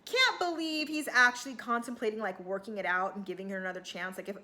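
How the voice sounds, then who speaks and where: A woman's voice: mid-range voice, fast, bright, forceful tone. A woman recapping a reality TV show in a chatty, sarcastic, rambling way, with plenty of fillers and the odd swear word. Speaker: TV recap vlogger.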